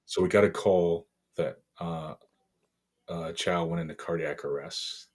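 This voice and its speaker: A middle-aged man from Boston, a podcast guest, telling a painful personal story in a halting, emotional way with many fillers. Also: low-pitched, fairly even intonation. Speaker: interview guest.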